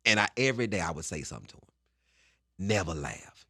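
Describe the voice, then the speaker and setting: Man, comedian guest, lively storytelling, bright tone, low voice, dry studio sound. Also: fast, long pauses, no room sound. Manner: animated storyteller acting out scenes. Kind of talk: storytelling interview.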